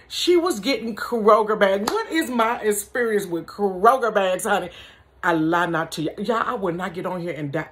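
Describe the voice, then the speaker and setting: Animated woman telling a storytime vlog. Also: on the low side. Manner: animated, chatty, addresses viewers as y'all and honey. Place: bedroom.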